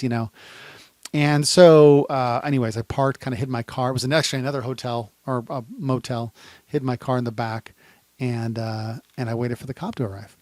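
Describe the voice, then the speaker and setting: A man, a private investigator, telling a story in a lively, dramatic way and acting out the shouted lines in a high voice. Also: moderate pace, dry recording. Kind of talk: animated storytelling, reenacting events. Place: indoors, standing.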